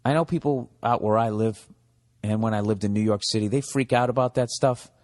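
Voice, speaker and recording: A man's voice: fairly low pitch, a little fast, a little mellow, big-room sound. Man ranting profanely on a podcast. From United States. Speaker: comedian and podcast host. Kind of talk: comedic podcast monologue.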